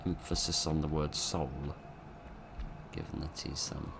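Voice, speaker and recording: A man commentates his own horror game playthrough. He rambles, mocks himself and jokes drily. Clear background noise runs under his desk mic. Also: rumbling low, little pitch movement, measured pace. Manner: self-mocking, rambling, dry humour. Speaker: gameplay commentator. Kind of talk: let's play commentary. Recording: noisy background.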